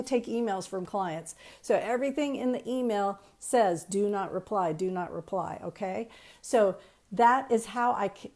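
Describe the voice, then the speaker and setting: A woman coaching counselors on a live stream, chatty and emphatic, repeating key points and greeting viewers as she goes. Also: on the high side. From Texas. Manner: energetic, chatty, greets viewers mid-talk. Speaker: counseling trainer.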